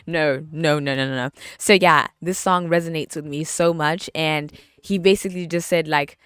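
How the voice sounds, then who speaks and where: A woman's voice: low-pitched, fairly even intonation, moderate pace, few pauses, a bit bright, smooth, no room sound, studio quality. A young woman hosting a casual solo podcast, bubbly and chatty, laughing often and repeating words for emphasis. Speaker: podcast host.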